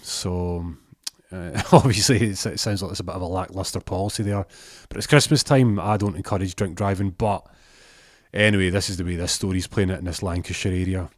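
Guy rambling thru a funny story, real low voice, dry close sound. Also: fairly even intonation, fairly quick, dry recording. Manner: rambling, full of restarts and asides. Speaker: comedic storyteller. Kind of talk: rambling comic anecdote.

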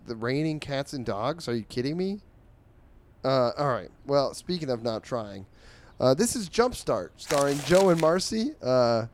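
A comics podcast host works through strip recaps with weary sarcasm, low energy, and frequent ums. His voice comes across as a little mellow.

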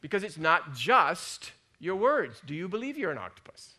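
A man's voice: high voice, sing-song, normal speed, sharp tone. A man preaching a chatty sermon, joking and acting out the voices in his head. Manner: folksy, joking, acts out inner voices. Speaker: pastor. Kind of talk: conversational sermon.

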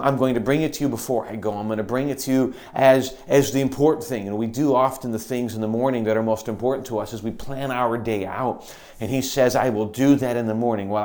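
A man preaching a sermon, earnest, moving between loud emphasis and quiet, intense passages. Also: mid-range voice.

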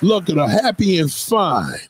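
High-voiced man ranting aggressively. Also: huge pitch swings, a little slow, noisy background. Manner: profane, aggressive, taunting. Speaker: online commentator. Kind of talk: ranting commentary.

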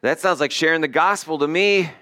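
A pastor preaching a sermon in a conversational, animated way, with asides to the congregation. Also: male voice, on the high side, brisk.

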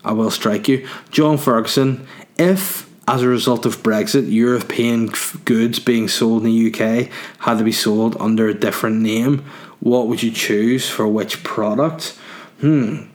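A man's voice: medium pitch, fairly even intonation, unhurried. A man doing a crude, rambling comic monologue, answering listener questions and laughing at his own jokes.

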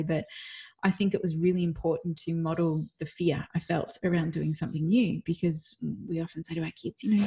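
Candid mum, low-voiced storyteller. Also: female voice, fairly quick. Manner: candid, animated retelling with acted-out quotes and laughs. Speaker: podcast co-host. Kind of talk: casual personal storytelling.

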